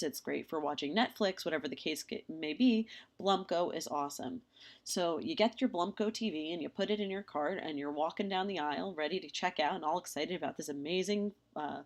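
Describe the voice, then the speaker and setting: Female lecturer, lowish voice, conversational and filler-heavy, narrating slides. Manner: casual, chatty with many ums and restarts; acts out lively quoted dialogue in examples.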